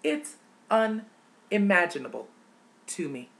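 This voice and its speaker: A woman's voice: lowish voice, lively intonation, a little slow, pauses often. A woman vlogger delivering an impassioned, indignant opinion rant, repeating words for emphasis.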